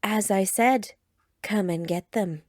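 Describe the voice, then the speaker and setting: A woman's voice: medium pitch, slow pace, no echo. A woman voicing a brave young female trainer who talks in an old-fashioned way with thee and thou, in a dry recording. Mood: defiant.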